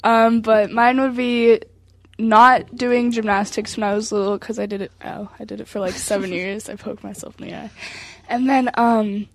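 A woman's voice: fairly high pitch, steady tone, moderate pace, no room sound. A teenage girl guest chatting casually, bubbly and laughing often, her sentences trailing off. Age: teens. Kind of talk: casual chat.

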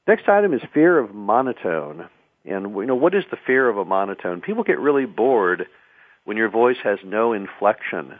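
Low-voiced man on tinny radio. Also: dry recording. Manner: conversational, repeats words when restarting. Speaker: radio talk show host. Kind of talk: advice talk on public speaking. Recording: tinny phone-like radio sound.

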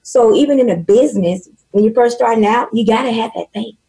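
A woman guest on a talk show, speaking loudly and with animated, preachy storytelling about faith and business. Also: on the high side, brisk, vocal fry, slightly rough, poor audio. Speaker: podcast guest. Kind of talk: casual faith and business chat.

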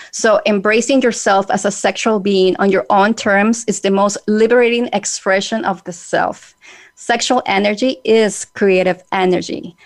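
A woman with a Spanish accent hosts a reflective podcast conversation. Her voice sits at a middle pitch. She speaks earnestly and deliberately, pausing on small fillers as she gathers her thoughts. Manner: earnest, measured, with hesitant fillers. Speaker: podcast host.

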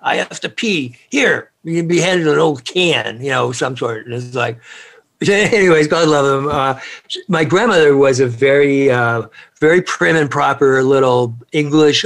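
A man's voice: medium pitch, moderate pace. A middle-aged man as an interview guest, telling family stories in a rambling, chatty way with plenty of fillers. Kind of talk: casual storytelling interview.

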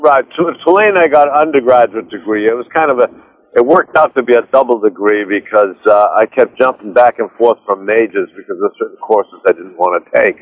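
A man guest on an interview, rambling and animated, with restarts as he tells stories. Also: medium pitch, fairly quick, dull audio. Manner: rambling, animated storyteller with many restarts and laughs. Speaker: author and director, interview guest. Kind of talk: casual interview chat.

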